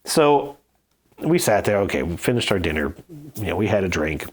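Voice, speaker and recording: A man hosting a board game podcast, telling stories and giving opinions in a casual, animated way. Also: sits low, quick pace, breathy edge. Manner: animated anecdotal storytelling. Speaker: podcast host reviewing board games. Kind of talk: casual chat.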